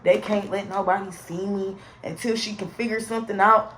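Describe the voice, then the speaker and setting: A young woman telling a personal story to her viewers in an animated storytime vlog, talking straight to them and swearing freely. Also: medium pitch, moderate pace, slight background noise, poor audio. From St. Louis area, USA. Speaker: vlogger.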